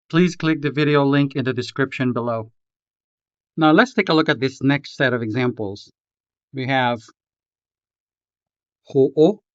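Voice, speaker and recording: Reading from a script, a male language tutor unhurriedly teaches pronunciation, carefully splitting example words into syllables. He has a smooth, resonant, medium-pitched voice with a slight brightness. Recorded dry and up close without room sound, the audio comes across a bit muffled, dull and lo-fi.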